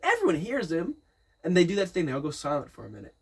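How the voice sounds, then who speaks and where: A young man in casual chat, telling a party story in a rambling, profane, animated way, full of restarts and quoted dialogue. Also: high voice, fast talker.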